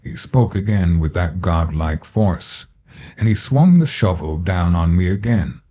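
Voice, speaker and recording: Low slow guy reading a horror story, dark husky voice. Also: expressive. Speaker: narrator.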